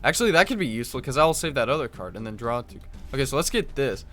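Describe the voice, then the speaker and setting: Guy streaming a card game, reads cards out loud, thinks as he goes, faint music behind. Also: medium pitch, sing-song, fast talker. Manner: thinks aloud, reads card text, self-correcting. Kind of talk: live gameplay commentary.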